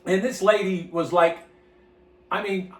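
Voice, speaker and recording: A minister tells a story in a loose, folksy way, circling back and repeating himself. His voice sits high for a man. He sounds a little distant from the mic, in a room that echoes. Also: fairly even intonation, a little slow, a bit bright. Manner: folksy, rambling, repeats words. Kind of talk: casual storytelling to camera.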